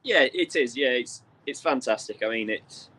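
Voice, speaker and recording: A young man, a speedway driver, answering modestly in a casual interview with frequent pauses and ums. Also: mid-range voice, expressive, sharp tone, a little hiss or hum, rough recording. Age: young adult. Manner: modest, hesitant, many ums.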